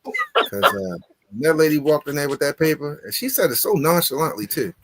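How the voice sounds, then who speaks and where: A man on a casual talk show, telling a story in an animated, exasperated way and swearing often. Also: fairly high pitch, normal speed, background noise. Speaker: podcast co-host.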